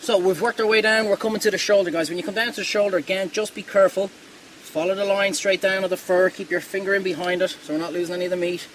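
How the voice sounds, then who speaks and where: A man's voice: high-pitched, steady tone, quick pace, a bit bright, low-quality recording. A man hosting a cooking show, talking viewers through a hands-on demonstration in a chatty, reassuring way that wanders off topic.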